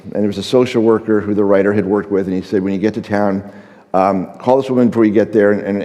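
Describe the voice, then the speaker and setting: A middle-aged man with a fairly low voice tells a story on a conference stage, acting out each line of dialogue between fillers. His tone is mellow and relaxed. The sound carries the long reverb of a big hall. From United States. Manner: anecdotal, acts out dialogue, frequent fillers. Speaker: conference speaker, photographer. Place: large conference stage before an audience.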